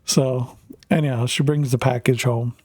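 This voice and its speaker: A man's voice: medium pitch, steady tone, moderate pace, darkish tone, dry recording, clean studio sound. A middle-aged Canadian man, a streamer, telling a rambling family story with lots of fillers while gaming.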